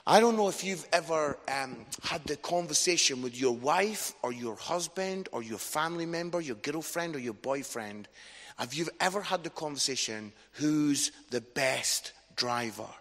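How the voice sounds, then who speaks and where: A man's voice: fairly high pitch, expressive, normal speed, a bit bright. A man preaching a sermon, telling a family story in an enthusiastic, chatty way and tagging on "yeah?". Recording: echoey hall with long reverb.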